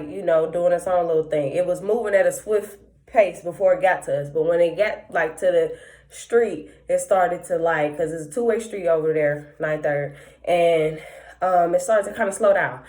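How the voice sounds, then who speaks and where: Rambling, profane young woman telling a story. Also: fairly low pitch. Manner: rambling, profane, animated street slang. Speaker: podcast host. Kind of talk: casual storytelling monologue.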